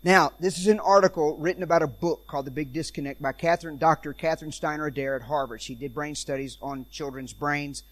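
Man, preacher, lively storyteller, slightly higher voice, talks to a congregation. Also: quick pace, few pauses. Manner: animated storyteller, acts out quoted voices. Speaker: traveling preacher and speaker on parenting. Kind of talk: church talk with stories.

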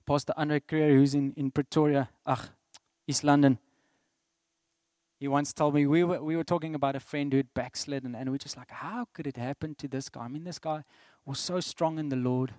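A middle-aged man with a South African accent preaching a sermon, swinging between loud declarations and soft asides. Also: fairly high pitch, steady tone, moderate pace, no room sound, studio quality. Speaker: pastor.

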